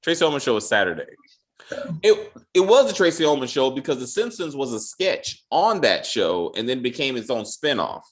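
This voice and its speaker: A man's voice: mid-range voice, very animated, normal speed, hardly any pauses. A man co-hosting a casual chat, swearing freely and often repeating his words as he goes. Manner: loose and profane, stammers and repeats words. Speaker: podcast co-host.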